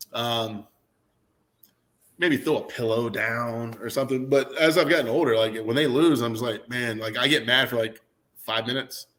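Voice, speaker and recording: A man in his thirties chatting casually on sports radio, telling jokey stories as a football fan. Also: mid-range voice. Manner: joking, animated storyteller. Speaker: guest, Clemson fan.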